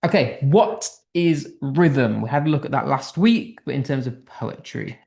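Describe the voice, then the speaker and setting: A man's voice: medium pitch, animated, a little slow, gravelly, darkish tone. A man with a British accent teaching an online English class, upbeat and thinking aloud as he reads out quiz answers. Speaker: English tutor.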